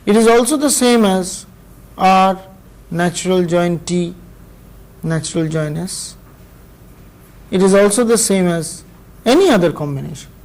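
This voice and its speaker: A man with an Indian English accent giving a measured university lecture, explaining step by step with pauses between phrases. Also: high voice, a little mellow, rough recording. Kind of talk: recorded classroom lecture.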